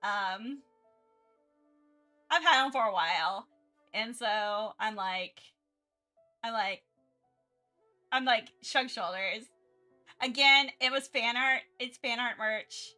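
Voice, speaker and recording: A woman's voice: on the high side, slow pace, pauses often, bright, forceful tone, faint music behind. A young woman streaming her art, chatting casually and rambling with lots of fillers, restarts and self-mocking asides. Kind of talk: casual chat while drawing.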